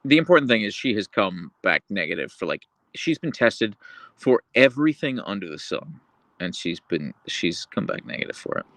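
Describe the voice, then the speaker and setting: A man hosting a casual livestream, reading viewer comments aloud and chatting about his dogs, slipping into a high cooing voice for his pet. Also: big pitch swings, normal speed, a bit bright, no echo. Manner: goes high and cooing when talking to his dog. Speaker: livestream host.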